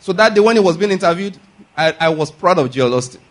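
A man's voice: high-pitched, lively intonation, fast. A man preaching a sermon as a pastor, pressing his points with repeated questions to the congregation. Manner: emphatic, drills points with call-and-response questions.

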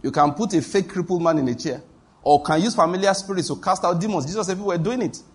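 A man's voice: high-pitched, fast talker, husky. A man preaching a sermon as a pastor, telling stories and acting out the voices of the people in them. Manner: storytelling, acts out quoted voices, laughs at his own anecdotes.

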